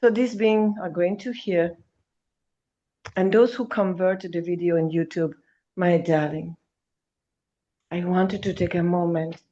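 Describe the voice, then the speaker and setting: Woman giving a fiery spiritual talk, slow and deliberate, kinda muffled lo-fi audio. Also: fairly low pitch, fairly even intonation, dark tone. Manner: emphatic, calls listener darling, swears. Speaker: spiritual speaker.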